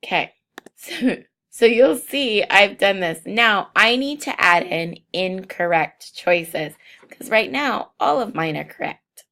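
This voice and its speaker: A woman walking through software steps in a screencast tutorial, unhurried and thinking aloud with frequent ums. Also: medium pitch, animated, creaky. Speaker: teacher demonstrating software.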